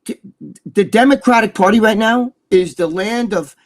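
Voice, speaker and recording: A man's voice: high voice, normal speed, dry recording, clean studio sound. A man co-hosting a casual chat show, talking in a heated, profane, rambling way. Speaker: co-host.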